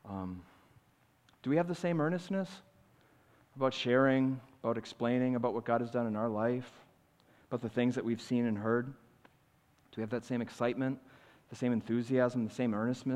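A male pastor preaching a sermon in a church, earnestly swinging between loud emphasis and quiet, confiding asides. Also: mid-range voice. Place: church sanctuary. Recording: long reverb of a large hall.

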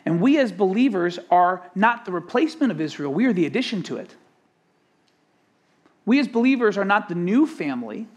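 Animated emphatic preacher. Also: medium pitch, fairly quick. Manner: emphatic, rhetorical questions to the congregation. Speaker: pastor. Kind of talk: sermon.

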